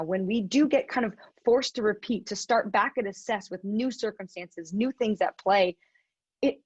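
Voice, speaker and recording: A woman with a husky, slightly higher voice tells a story as a motivational speaker, laughing often. The sound is dry and close, with a dull, lo-fi quality. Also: no echo. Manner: animated, laughs often while telling the story. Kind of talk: storytelling keynote talk.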